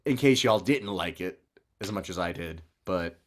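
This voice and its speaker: Man, podcast co-host, lively swinging pitch, profane and rambling casual chat. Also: moderate pace. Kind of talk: casual movie review chat.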